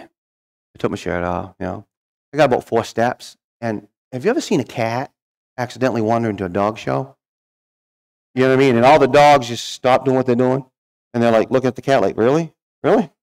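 A middle-aged man shares his life story from the front of a church, folksy and full of humor. His voice carries a gravelly, slightly creaky texture at an ordinary pitch, and he acts out the voices of the people he remembers. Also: a little mellow. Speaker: guest speaker. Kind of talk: storytelling testimony.

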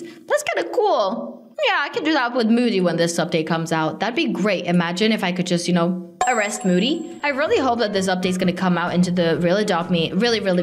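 A young woman hosting a gaming channel, commenting on her gameplay in a playful, excitable way and calling out to other players. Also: on the low side. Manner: excitable, exclaims often, talks to other players. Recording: light background music.

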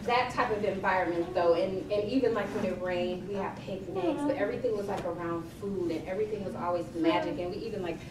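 A woman's voice: lowish voice, fast, hardly any pauses. A middle-aged woman, a personal chef from Cleveland, chatting and telling funny stories to a library audience. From Cleveland, Ohio. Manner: chatty, animated, laughing storyteller. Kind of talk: storytelling at a live event. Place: library event room with audience. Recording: echoey room, distant mic, crowd.

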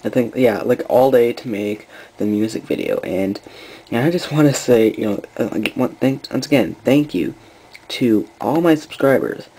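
A man hosting his own channel, chatting casually and excitedly, rambling with lots of fillers and restarts. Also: medium pitch, normal speed, breathy edge, rough recording. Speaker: channel host. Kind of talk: casual vlog chat.

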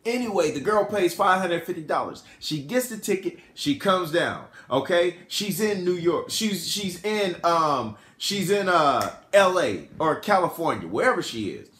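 A man tells a casual, rambling story and corrects himself as he goes. His voice is high and very lively, and the room gives it a noticeable echo. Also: unhurried, hardly any pauses. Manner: rambling, self-correcting, animated. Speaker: podcast host.

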